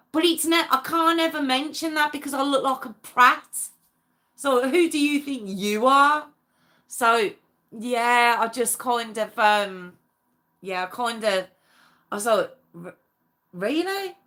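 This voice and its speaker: A woman hosts a true crime livestream, chatting casually with viewers, answering their comments and laughing often. Her voice is on the high side, bright and forceful.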